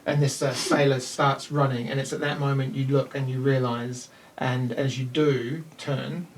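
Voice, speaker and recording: Male game master, lively storyteller; distant mic, light hiss. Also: mid-range voice, normal speed. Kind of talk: narrating a tabletop game.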